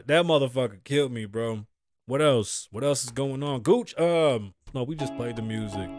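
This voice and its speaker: A man hosting a podcast, talking in casual, profane, animated commentary and acting out quotes. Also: high-pitched, clean tone, no echo, clean studio sound. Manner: animated, swearing, joking, acts out quotes. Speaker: podcast host.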